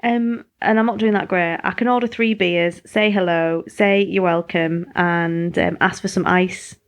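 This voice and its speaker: A woman's voice: fairly low pitch, steady tone, unhurried. A woman host, chatting in a rambling, self-deprecating way on her podcast. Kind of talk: casual podcast monologue.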